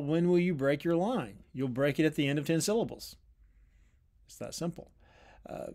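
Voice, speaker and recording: A man of ordinary middle pitch gives an unscripted lecture on poetry. He talks thoughtfully and restarts phrases as he searches for words. His pace slows deliberately on key points. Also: a little mellow. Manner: thoughtful, with frequent restarts and drawn-out pauses.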